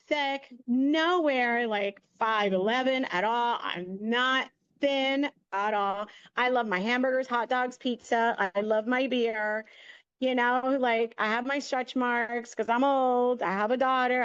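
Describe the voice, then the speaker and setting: Speaking slowly in a fairly high, clean-toned voice, a middle-aged media entrepreneur shares a story as a guest. She's chatty and animated and acts out the dialogue of the people involved. The recording is dry and lo-fi.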